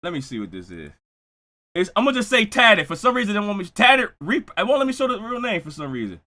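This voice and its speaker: A man from Buffalo, New York, streaming live, hyping up his chat with loud, excitable shout-outs. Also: high voice, fast talker. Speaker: streamer reacting to music.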